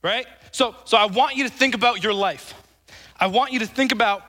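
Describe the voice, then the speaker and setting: A male preacher with a high, ringing voice delivers an emphatic sermon, repeating his phrases and calling on the congregation to answer back. His bright tone carries through a large hall with a long, lingering reverb. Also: a little fast. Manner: emphatic, calls for congregation responses, repeats words.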